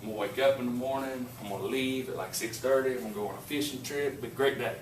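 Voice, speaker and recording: A male teacher, talking to a classroom and spinning a story with plenty of energy. He is picked up from across an echoey room, and the recording carries a steady background noise. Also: mid-range voice, fast talker. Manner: animated storyteller, laughing while telling. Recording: echoey classroom from far off, noisy.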